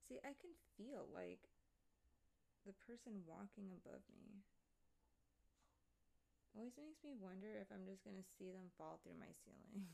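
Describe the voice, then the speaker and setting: A woman talking in an unhurried, drawn-out way, her voice often dropping into a gravelly fry. She rambles from one thought to the next in casual chat, swearing freely and losing her thread. It sounds like a streamer talking to her viewers. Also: mid-range voice, mellow. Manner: rambling, profane, easily sidetracked.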